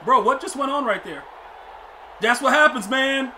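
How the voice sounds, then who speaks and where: A man's voice: extremely high pitch, animated, moderate pace, bright, forceful tone, a little hiss or hum. A young man streaming a football video game, rambling in casual commentary, laughing a lot and repeating catchphrases. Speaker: gaming streamer. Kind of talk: casual live gameplay commentary.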